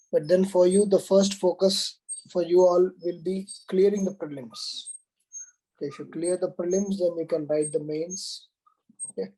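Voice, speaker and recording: A man's voice: high voice, warm tone, breathy edge, poor audio. A man, teaching an online exam coaching class. He reads out the question, explains it and asks the students to confirm.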